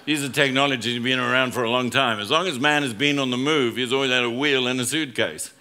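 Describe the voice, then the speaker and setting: A man's voice: mid-range voice, steady tone, quick pace, bright, forceful tone. A man, a business school professor, giving a humorous conference talk to a live audience, telling stories and acting out quoted lines. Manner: storytelling, acts out quoted lines, jokes with audience.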